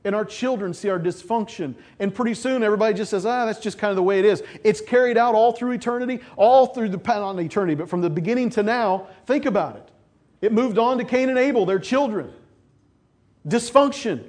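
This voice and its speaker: A man preaching a lively sermon who acts out the voices of scripture figures as he tells the story. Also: high voice, fairly quick. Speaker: pastor.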